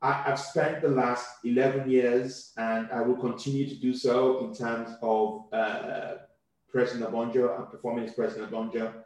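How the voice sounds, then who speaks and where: A man from Nigeria, a comedian speaking as a guest in a casual interview, quick and animated, often repeating words as he thinks. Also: medium pitch. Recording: very echoey room.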